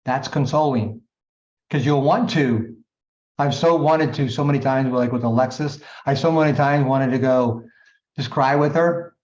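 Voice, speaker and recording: A man's voice: mid-range voice, measured pace, a little mellow. A man giving a motivational coaching talk to his team, emphatic and repetitive, calling them gang and guys. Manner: emphatic, repetitive, punchy sound words; addresses listeners as gang and guys. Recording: dull echoey room recording.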